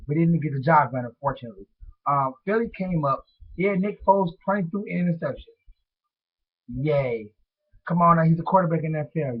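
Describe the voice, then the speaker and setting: Man, stuffy cold voice, slightly high, casual sports vlog, rambling slangy talk, tinny phone-like audio. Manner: rambling, slangy, talks straight to viewers. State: congested from a cold. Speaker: sports vlogger.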